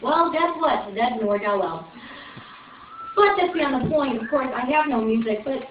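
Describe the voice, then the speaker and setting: A woman's voice: high-pitched, expressive, normal speed, a little hiss or hum. Young woman ranting on an open mic stage. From Chicago. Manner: rambling, exasperated, chatty asides to the crowd. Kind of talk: stand-up comedy rant. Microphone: far camera. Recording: echoey room from far off, dull lo-fi video.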